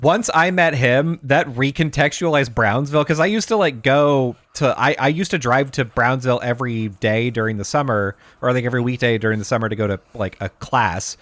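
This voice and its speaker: A man's voice: medium pitch, a little fast, few pauses, a bit bright, dry recording. A man co-hosting a podcast in casual chat, rambling and laughing as he talks. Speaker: podcast co-host.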